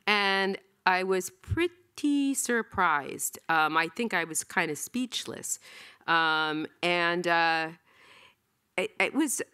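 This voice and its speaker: A woman's voice: on the low side, lively intonation, slow, pushed and bright, clean tone. Chatty self-deprecating woman in her 60s. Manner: rambling, self-deprecating, many ums and restarts. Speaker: cartoonist giving an artist talk. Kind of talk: casual storytelling talk. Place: theatre stage.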